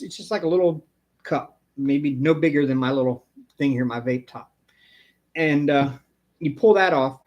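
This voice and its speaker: A man hosting a live stream, telling a long story in a rambling, casual way. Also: a little high. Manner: rambling storyteller, acts out the people he quotes. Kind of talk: casual chat.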